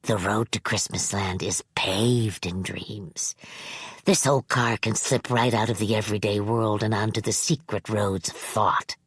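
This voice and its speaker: A woman voicing a sinister old man who lures children, speaking slowly in a low hushed half-whisper in an audiobook reading. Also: fairly even intonation, husky, no room sound, full character voice. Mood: hushed menace. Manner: slow, solemn, coaxing. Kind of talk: audiobook character voice.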